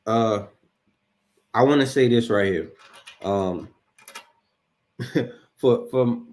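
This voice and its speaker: A man hosting his channel, giving halting reaction commentary with chuckling asides. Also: mid-range voice, a little mellow. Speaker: host commenting on a clip.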